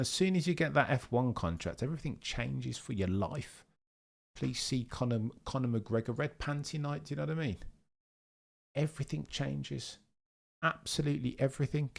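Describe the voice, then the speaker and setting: A man's voice: mid-range voice, moderate pace, gravelly, voice pushed up, close to an everyday voice. A man mimicking a fawning, chummy male sports presenter who keeps asking if you know what he means. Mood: gushing.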